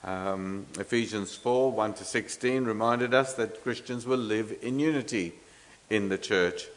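A man's voice: lowish voice, measured pace. A man preaching an expository sermon, earnest and emphatic, with frequent fillers and restarts, asking the congregation rhetorical questions.

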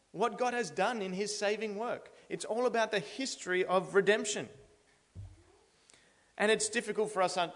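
Preaching an expository sermon, a man with a high-pitched, somewhat bright voice speaks earnestly and works up to emphatic declarations. The church recording has the long reverb of a big hall.

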